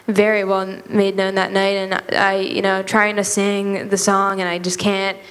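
A woman's voice: mid-range voice, monotone, unhurried, a bit bright, smooth. Earnest teen girl in a reverberant hall. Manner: rambling, earnest, many fillers. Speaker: youth group member. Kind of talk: church testimony.

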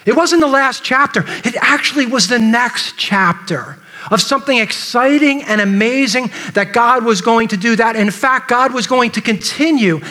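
Bright, high-voiced male preacher. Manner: dramatic, acts out the disciples' voices. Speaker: pastor. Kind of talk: sermon.

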